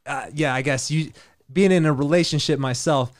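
A man's voice: on the high side, moderate pace. Lachende verteller, man, vrij hoge stem. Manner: animated storyteller, laughs often, acts out voices. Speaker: podcast host, dating coach. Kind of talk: casual storytelling chat.

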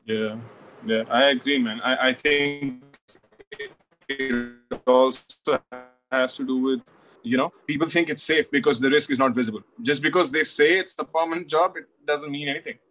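A man's voice: mid-range voice, moderate pace, fairly bright tone, soft background music. A man chatting as a guest, reflective and loose, with lots of fillers like "you know". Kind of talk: casual conversation.

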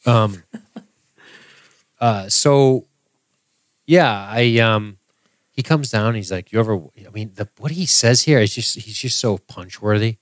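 A man's voice: on the low side, takes it slowly, pauses often, dry recording. A man co-hosting a podcast in casual chat, blunt and wry, swearing freely. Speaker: podcast co-host.

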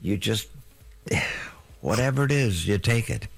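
Older male radio veteran, very low voice, wry storyteller on the line. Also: slow pace, vocal fry, slightly rough. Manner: storytelling, wry, deadpan jokes. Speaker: guest, veteran radio host. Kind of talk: phone-in guest chat.

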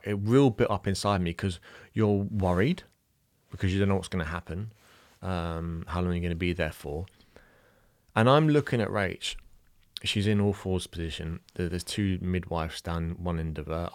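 A young Irish man telling a personal story in a halting, emotional way, full of fillers and restarts. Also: sits low, dry recording. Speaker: new father telling a birth story.

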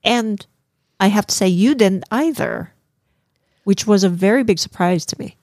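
A woman's voice: mid-range voice, moderate pace, darkish tone, dry recording, studio quality. A woman co-hosting a casual film review podcast, emotional and giggly, with many fillers. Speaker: podcast co-host.

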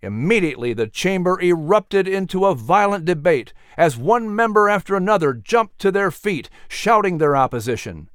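A man narrates a historical story with vivid, expressive delivery. His voice is smooth and a little high-pitched, recorded close in a dry space. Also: normal speed, few pauses, dry recording.

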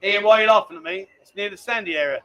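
A man with a fairly high voice hosts a relaxed live stream. He reads viewer messages aloud and keeps calling people mate. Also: very fast, highs cut off. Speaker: livestream host. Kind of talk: casual live-stream chat. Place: lounge bar.

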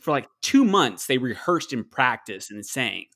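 A man's voice: medium pitch, unhurried. A man as a podcast guest, chatting casually about a film, quoting lines and sharing trivia. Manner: relaxed, chimes in with quotes and fun facts. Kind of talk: casual movie podcast chat.

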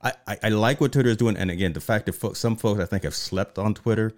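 Man, very low voice, host, casual live-stream talk, animated, repeats words. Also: quick pace. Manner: animated, repeats words when starting sentences. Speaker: show host.

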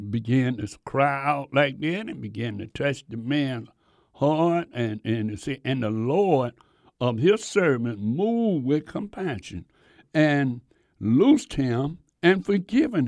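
A man preaching a sermon, reading scripture haltingly and breaking off into folksy, animated asides. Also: mid-range voice, creaky, dry recording, studio quality.

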